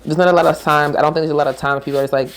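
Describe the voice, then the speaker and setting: A woman's voice: sits low, fairly even intonation, very fast. A woman who works as a yoga therapist, chatting casually in a podcast conversation, rambling and laughing often as she trails off and restarts.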